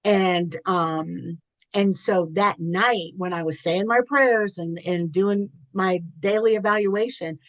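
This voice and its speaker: A woman's voice: mid-range voice, slow, no echo. A middle-aged woman, a podcast guest, telling candid personal stories in an earnest, chatty way, often restarting her sentences.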